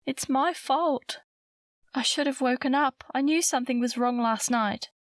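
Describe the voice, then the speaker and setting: A woman voicing a frightened, guilt-stricken young woman in an audiobook, speaking in a high, anxious voice. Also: normal speed, fairly bright tone, breathy edge, no room sound, clean studio sound. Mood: guilty.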